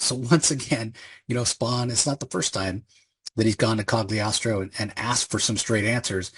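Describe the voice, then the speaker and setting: A man's voice: lowish voice, normal speed, a bit bright, slightly rough. A man casually recapping a comic issue, enthusiastic and rambling with frequent fillers. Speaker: comic book reviewer.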